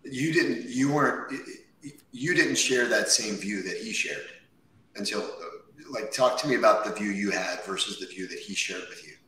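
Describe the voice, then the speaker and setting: A man's voice: fairly low pitch, moderate pace, bright, forceful tone, echoey room, distant mic, slight background noise, rough recording. A male podcast host who asks curious follow-up questions and jumps in to steer the conversation. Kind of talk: interviewer conversation.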